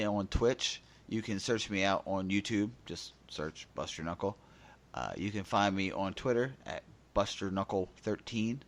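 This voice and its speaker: Slightly raspy podcast co-host, low-voiced man. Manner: animated storyteller acting out dialogue. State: slightly raspy after a sore throat. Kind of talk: casual podcast chat.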